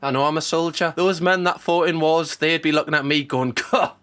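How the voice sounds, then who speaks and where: Reaction host: young man, slightly high voice, jokey and sarcastic. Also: fairly even intonation, fairly quick, a bit bright, clean tone. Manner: sarcastic, jokey, mock quotes of people. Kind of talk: casual reaction commentary.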